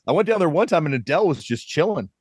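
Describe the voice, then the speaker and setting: A man's voice: fairly high pitch, big pitch swings, fairly quick, darkish tone, husky, no room sound. A man hosting a podcast, telling rambling anecdotes in casual chat and laughing often. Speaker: podcast host.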